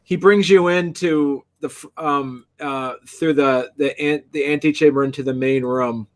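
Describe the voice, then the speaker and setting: A man narrating a tabletop game as game master, halting and full of restarts. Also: on the high side, fairly even intonation.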